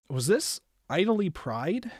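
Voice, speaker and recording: A man's voice: high voice, husky, no room sound. Chatty young man, dry sound. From United States. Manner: loose and chatty, heavy on "like", swears freely. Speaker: anime reviewer and streamer. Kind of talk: casual rambling tier-list commentary.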